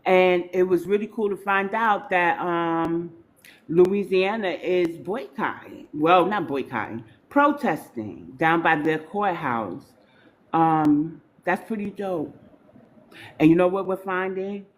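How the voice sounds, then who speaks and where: A woman's voice: on the low side, slow. A woman from New York hosting a live stream, talking in a loose, informal, chatty way to her viewers. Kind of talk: casual live stream chat.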